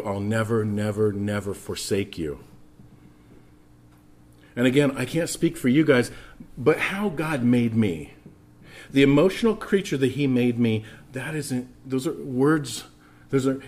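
A middle-aged man preaching a sermon as pastor, earnest and often dropping to a soft, intimate tone. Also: mid-range voice.

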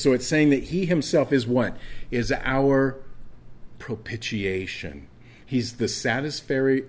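A man preaching a sermon as pastor, earnest, restarting his sentences and slowing down for key words. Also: medium pitch. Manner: earnest, with frequent restarts and stammered repeats.

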